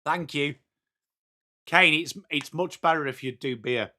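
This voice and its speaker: Speaking at a measured pace in a slightly high voice, a young northern English man runs a fan watchalong stream. He calls the action live, reads out chat, and excitedly banters with viewers by name.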